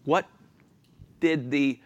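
A man preaching a sermon, asking the congregation questions and answering them himself, with an animated, chuckling delivery. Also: a little high, extremely slow, muffled recording.

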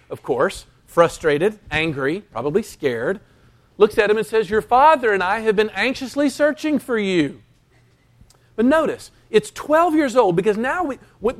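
A pastor delivers a sermon in a high-pitched voice, emphatic and animated, slowing down for dramatic pauses and acting out the lines he quotes.

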